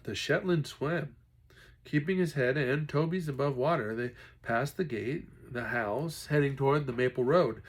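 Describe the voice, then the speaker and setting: A man's voice: mid-range voice, normal speed, breathy edge. A man reading a children's novel aloud expressively, now and then talking to his listeners. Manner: expressive, stops to chat with listeners. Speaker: reader.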